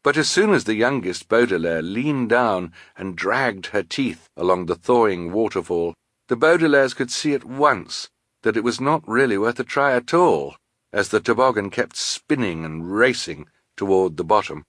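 A man narrating an audiobook with a wry, expressive reading. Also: fairly low pitch, normal speed, dry recording, clean studio sound. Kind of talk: scripted narration.

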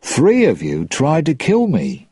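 A man's voice: slow pace, husky, no room sound, studio quality, heavily acted. A man reading aloud, voicing a cocky, teasing male pirate captain. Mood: mocking. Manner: high, lively, mocking lines.

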